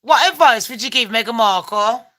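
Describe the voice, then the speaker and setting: A woman's voice: on the high side, animated, normal speed, bright, forceful tone. A woman hosting a casual livestream chat, brash, sweary and gossipy. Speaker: host.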